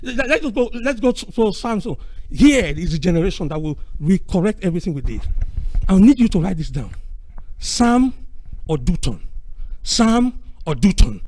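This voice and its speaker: A middle-aged man giving an impassioned, preacherly conference speech, swinging from booming to hushed. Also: very animated, moderate pace, low-quality recording. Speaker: speaker at a conference.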